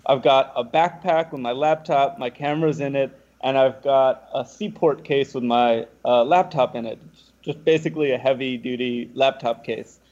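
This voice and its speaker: A young man, a podcast guest, telling a lively anecdote and acting out what the other people said. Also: medium pitch, moderate pace, muffled recording. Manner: animated, acts out the other people's lines. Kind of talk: casual storytelling.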